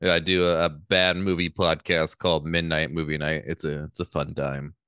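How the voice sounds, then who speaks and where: Deep-voiced comedian chatting easily. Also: male voice, little pitch movement, normal speed, bright, forceful tone, smooth, dry recording. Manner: easygoing, dry jokes, chuckles mid-sentence. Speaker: comedian guest. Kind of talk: casual chat.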